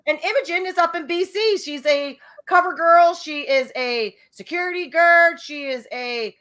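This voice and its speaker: A woman host chats and rambles her way through a trivia show. Her voice is high and bright, and she laughs easily. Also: moderate pace. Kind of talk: casual chat.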